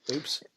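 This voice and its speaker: A man co-hosting a podcast chats casually about wrestling. He hedges his points, restarts often, and his voice lively rises and drops.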